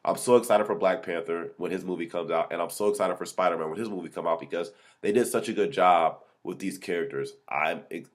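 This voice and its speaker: Low-voiced man rambling excitedly about movies. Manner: excited, rambling, many restarts and self-corrections. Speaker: movie review vlog host. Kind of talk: casual unscripted movie review.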